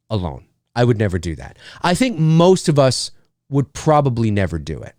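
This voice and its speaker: A man's voice: fairly high pitch, darkish tone, no room sound, clean studio sound. A man hosting his own show, talking casually about movies, rambling with many restarts. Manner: rambling, restarts often, acts out movie lines. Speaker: host. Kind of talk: casual solo movie talk. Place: home room with lights and cameras.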